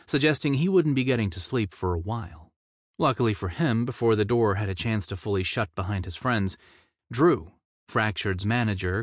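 An audiobook narrator reads a novel from a script, keeping a steady, measured delivery. His voice is low, and the recording is dry and close, without any room sound.

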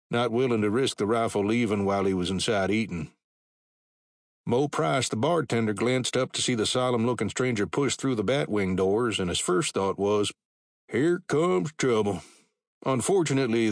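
A man narrating a western audiobook in a fairly low voice. He reads in a steady, measured way, and the sound is dry and close to the mic. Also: no echo. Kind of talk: scripted narration.

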